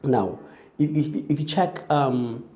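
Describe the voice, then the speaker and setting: A man's voice: medium pitch, slow, mellow. A man giving a spoken English pronunciation lesson, spelling words out letter by letter with frequent "you know" and "um". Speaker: pronunciation teacher.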